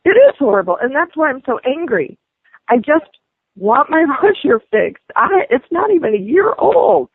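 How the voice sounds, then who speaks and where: A woman's voice: high voice, sing-song, normal speed, creaky, dry recording. A woman venting angrily on a phone call about a repair, indignant and ranting. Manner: indignant, ranting, escalating to shouting. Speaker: prank call target. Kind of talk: angry phone complaint. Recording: tinny phone line.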